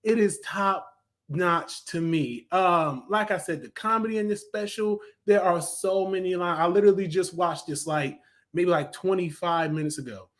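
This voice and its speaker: Rambling high-voiced man reviewing cartoons. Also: normal speed, fairly bright tone. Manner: rambling and enthusiastic, lots of ums. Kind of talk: casual spoken review.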